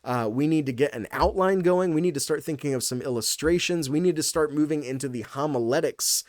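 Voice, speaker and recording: Casual pastor teaching Greek, dry sound. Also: male voice, a little high, brisk, a little mellow, dry recording. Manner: casual, thinking aloud with fillers and restarts. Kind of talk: teaching Bible study video.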